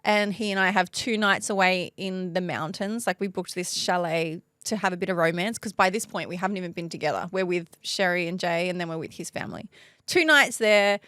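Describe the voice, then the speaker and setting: A woman's voice: fairly low pitch, brisk, fairly bright tone, dry recording, studio quality. A woman, co-hosting a podcast in casual chat, joking and laughing often. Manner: chatty, laughs often, self-mocking jokes. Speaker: podcast co-host.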